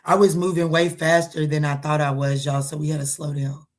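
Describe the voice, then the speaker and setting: A woman's voice: low-pitched, little pitch movement, brisk. A middle-aged woman who reads tarot, chatting casually and playfully on a livestream. She laughs often and answers comments from her viewers. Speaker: tarot reader.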